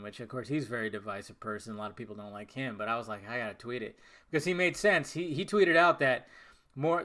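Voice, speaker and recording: A man hosting a podcast, answering viewer questions in a casual live chat with profane, animated rants. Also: medium pitch. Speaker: podcast host.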